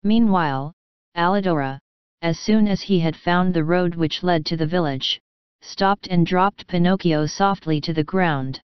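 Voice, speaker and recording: A woman's voice: fairly low pitch, a little slow, clear, resonant tone, no echo, lo-fi sound. A woman narrating a classic storybook as an audiobook, reading steadily and evenly.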